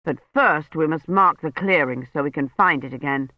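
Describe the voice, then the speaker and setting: A man's voice: fairly high pitch, moderate pace, no room sound, muffled recording, pitched below the performer's own voice, close to an everyday voice. A man reading an audiobook, voicing a stern, protective older male scholar who gives firm, clipped commands.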